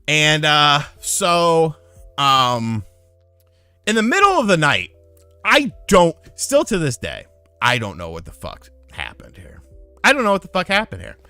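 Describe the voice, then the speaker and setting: A man casually telling a profane story on a live stream, getting loud and heated when he retells a fight. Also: a little high, wildly swooping pitch, measured pace, clean tone, dry recording, faint music behind. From lived in North Carolina.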